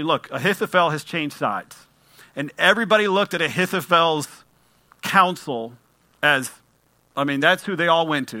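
A man's voice: fairly high pitch, sharp tone, dry recording. A man preaching a sermon, speaking conversationally and reading scripture aloud with emphasis. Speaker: pastor.

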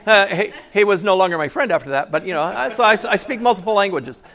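A man's voice: sits high, lively intonation, quick pace, fairly bright tone. A man preaching a sermon in a church, conversational and jokey, often asking the congregation questions. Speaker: pastor.

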